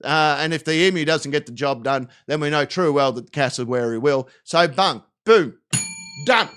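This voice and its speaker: A man's voice: fairly high pitch, moderate pace, a bit bright, clear, resonant tone. An Australian man hosting a live stream, chatting casually and cursing a lot as he rambles through jokes. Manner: profane, rambling, jokey.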